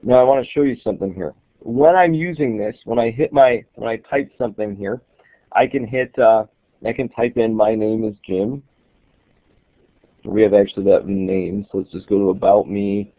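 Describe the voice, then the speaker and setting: The audio is tinny, dry and phone-like as a man with a somewhat low voice, talking a little fast, demonstrates an app. He's an app reviewer giving a casual, explanatory screen-recorded walkthrough, thinking out loud as he goes.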